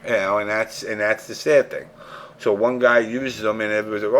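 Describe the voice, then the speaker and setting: A man's voice: on the low side, level tone, fairly quick, fairly bright tone. A man hosting a casual gaming podcast, ranting emphatically and swearing freely. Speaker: show host.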